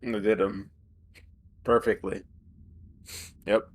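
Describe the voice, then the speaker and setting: A man's voice: fairly low pitch, flat delivery, takes it slowly. A man streaming a game live, chatting playfully and laughing as he stumbles over tongue twisters. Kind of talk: live gameplay commentary.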